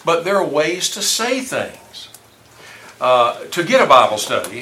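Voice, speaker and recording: A man's voice: on the high side, very animated, measured pace, pushed and bright. A man teaching an informal Bible class in a folksy, conversational way, asking his listeners questions. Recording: roomy distant room mic, faint noise.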